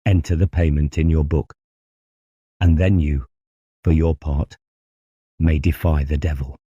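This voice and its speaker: A man voicing a cold, scheming male doctor who talks calmly and persuasively. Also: rumbling low, slightly rough, dry recording, muffled recording, heavily acted. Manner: calm, measured, coaxing.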